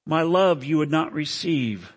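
A male preacher voicing Jesus as a calm, sorrowful grown man who speaks quietly and gravely. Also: on the high side, a little slow.

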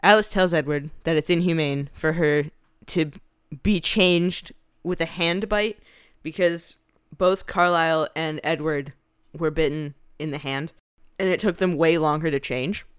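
A woman's voice: low voice, measured pace, clear, resonant tone, dry recording, clean studio sound. A woman co-hosting a podcast, casually recapping a book with profane, sarcastic commentary and frequent laughter. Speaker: podcast co-host.

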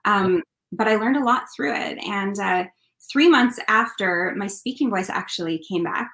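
A woman's voice: mid-range voice, normal speed, fairly bright tone, reverberant, low-quality recording. A woman from Canada, a country singer and interview guest, telling a personal story in an earnest, heartfelt way.

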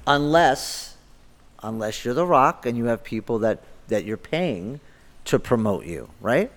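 A man's voice: mid-range voice, a little slow, in a large hall. Blunt, swearing man in his fifties. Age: 50s. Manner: blunt, profane, animated storyteller. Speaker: martial arts instructor, guest. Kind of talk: casual podcast interview storytelling.

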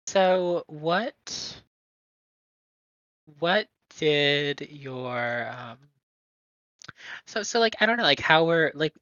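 A podcast co-host asking halting, hesitant questions with many restarts. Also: medium pitch, animated, fairly bright tone, no echo, lo-fi sound. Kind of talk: casual conversation.

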